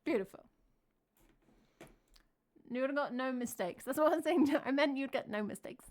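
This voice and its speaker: A woman's voice: high-pitched, moderate pace, a little mellow. Chatty English woman streamer. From England. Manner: chatty, thinks aloud, talks back to her chat. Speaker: live streamer. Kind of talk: casual live-stream chat.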